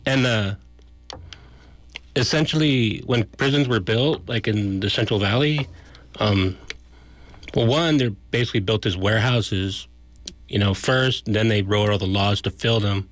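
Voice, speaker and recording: A man with a lowish voice argues his politics bluntly and casually, sounding unimpressed. The sound is dry and close-miked. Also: unhurried, pauses often, no room sound. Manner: blunt, argumentative, casual phrasing. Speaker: prison abolition activist, radio guest. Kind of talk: political analysis on a radio talk show.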